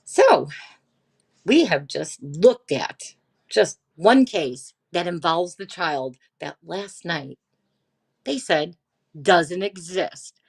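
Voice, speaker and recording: Woman host of a casual stream: slow, animated, reads documents aloud. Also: on the low side. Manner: animated, drawn-out, talks to chat. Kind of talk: casual livestream chat.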